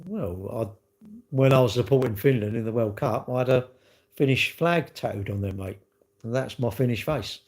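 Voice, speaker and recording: A man's voice: medium pitch, darkish tone. A man hosting a live stream, chatting and joking with viewers in cheeky banter that jumps from topic to topic.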